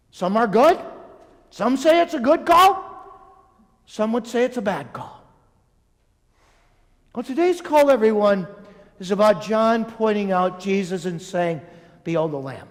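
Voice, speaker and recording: A man preaching a homily in a conversational way, speaking directly to his congregation. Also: high voice. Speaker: priest. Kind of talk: sermon. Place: large church. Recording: long church reverb.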